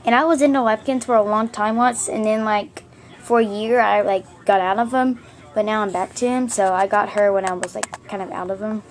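A woman's voice: medium pitch, fairly even intonation, fairly quick, slight background noise. Chatty girl gushing over her toys. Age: child. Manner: chatty, gushing, rambling with fillers. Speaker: vlogger showing her plush toys. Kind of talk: casual show-and-tell vlog. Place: her bedroom at home.

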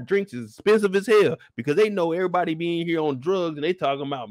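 A man's voice: a little high, fast talker, hardly any pauses, dry recording, clean studio sound. A man ranting about a show in blunt, profane talk, acting out the scenes as he goes. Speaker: show reviewer.

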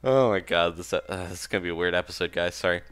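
A man's voice: sits low, quick pace, fairly bright tone, clear, resonant tone. A young man giving casual, rambling commentary while playing a game, laughing often and second-guessing himself. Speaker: let's play host.

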